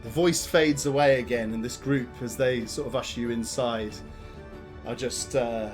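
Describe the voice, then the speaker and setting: A man narrating as game master of a tabletop game, rambling with many pauses and restarts. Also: medium pitch, fairly even intonation, faint music behind.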